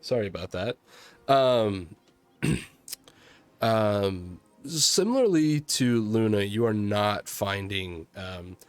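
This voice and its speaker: Casting: lowish-voiced male game master, halting narration, soft music underneath. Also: expressive, smooth, dry recording. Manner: halting, many ums and restarts.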